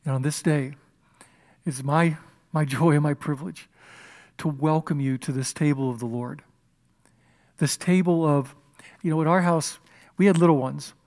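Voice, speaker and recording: A male pastor preaching an impassioned sermon at a church service, swinging from loud declarations to hushed whispers. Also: fairly high pitch, moderate pace, long pauses.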